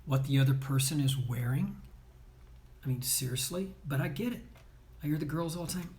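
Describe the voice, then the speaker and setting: A man's voice: a little high, normal speed, long pauses, a little mellow. A man coaching athletes and parents, speaking emphatically and bluntly, often checking in with "right?" and "okay?". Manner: blunt, scolding tone. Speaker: sports performance coach. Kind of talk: motivational talk.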